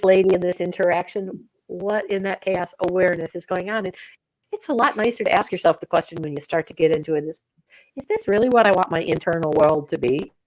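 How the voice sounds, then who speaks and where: A woman co-hosting a casual spiritual chat, retelling an everyday story in an animated way. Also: fairly low pitch, fast, poor audio. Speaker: co-host.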